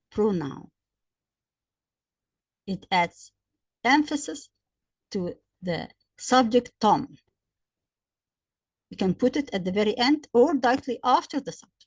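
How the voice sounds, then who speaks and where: A woman's voice: a little high, no echo, clean studio sound. Woman teaching grammar. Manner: slow, repetitive explaining with examples. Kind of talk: explanatory grammar lesson.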